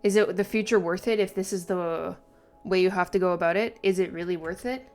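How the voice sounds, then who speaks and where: A woman's voice: on the low side, brisk, darkish tone, faint music behind. Exasperated woman reacting to manga. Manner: emphatic, exasperated, talkative; frequent "like" fillers and swearing. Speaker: manga reaction video host. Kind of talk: casual reaction commentary.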